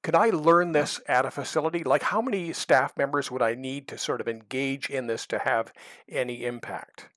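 A man's voice: mid-range voice, moderate pace, a bit bright, no echo. A man hosting a podcast interview, asking a guest plain questions. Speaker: podcast host.

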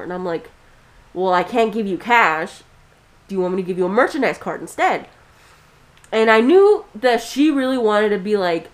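A woman's voice: mid-range voice, expressive, moderate pace. A young woman co-hosting a podcast, telling a story in casual chat with a blunt, profane, ranting manner. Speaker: podcast co-host.

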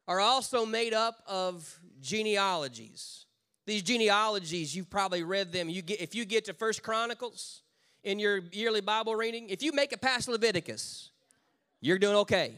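A high-pitched man preaching a sermon to his congregation. He moves between loud, rousing calls and low, slow, drawn-out emphasis. He slips into casual, joking asides along the way. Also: lively intonation. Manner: conversational asides with humor. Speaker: pastor.

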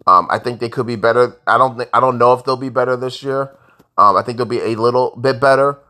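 Guy venting about his team, frustrated, gets loud then drops to a mutter, mid-pitch voice. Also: fast talker. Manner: frustrated, ranting, swings between loud outbursts and low mutters. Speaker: sports fan vlogger. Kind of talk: casual sports rant.

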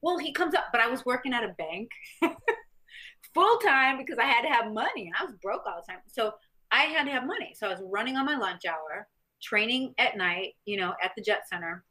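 A middle-aged woman from the US Midwest, a guest telling animated stories in an interview and acting out other people's lines. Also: fairly high pitch, a little fast. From Missouri, US Midwest. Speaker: guest, former champion fighter and stuntwoman. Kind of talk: interview storytelling.

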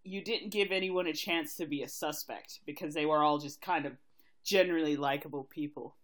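A woman's voice: deep voice, a little fast. A woman co-hosting a podcast, chatting casually and candidly about a TV mystery adaptation, swearing lightly and laughing often. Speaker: podcast co-host. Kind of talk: casual chat reviewing a TV adaptation.

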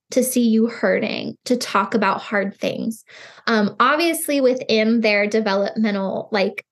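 Earnest woman in her 30s, podcast guest, lotsa "like", slightly high voice. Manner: earnest, expressive, many "like" fillers. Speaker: podcast guest, grief counselor. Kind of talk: casual conversation.

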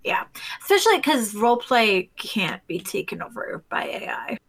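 A woman's voice: a little high, sing-song, normal speed, fairly bright tone. A woman co-hosting a podcast, chatting casually and explaining things step by step. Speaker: podcast co-host. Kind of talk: casual podcast chat about roleplay.

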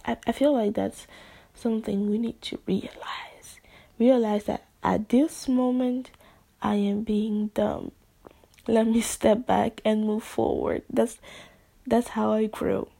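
A woman vlogger in a spontaneous, rambling monologue, using slang and sometimes dropping into soft whispers. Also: a little high, steady tone, takes it slowly, creaky.

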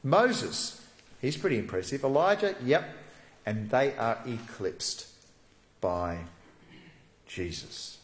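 A man preaching a sermon as a pastor, telling the story vividly and dropping to soft, hushed tones. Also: mid-range voice, sing-song, slow, long pauses, echoey room.

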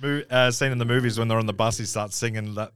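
A man co-hosting a casual podcast chat, passionate and sweary, getting loud when he is worked up. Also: mid-range voice, fast, clear, resonant tone, dry recording, clean studio sound. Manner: passionate, swears, raises his voice when excited. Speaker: podcast co-host.

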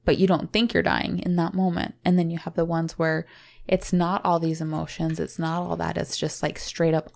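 Young woman on a podcast, kinda low and gravelly, rambly and emotional. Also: flat delivery, darkish tone. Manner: rambling, emotional, halting restarts. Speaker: podcast co-host. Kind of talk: casual podcast chat.

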